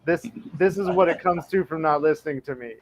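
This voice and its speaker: A man's voice: fairly high pitch, a little fast, rough recording. A man chatting casually on a podcast, dry and teasing. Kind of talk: casual chat.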